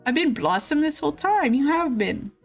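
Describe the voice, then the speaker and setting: A woman's voice: high-pitched, big pitch swings, moderate pace, highs cut off, soft background music. A young woman streamer chatting casually with her viewers, giggling often and answering chat messages. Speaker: VTuber streamer.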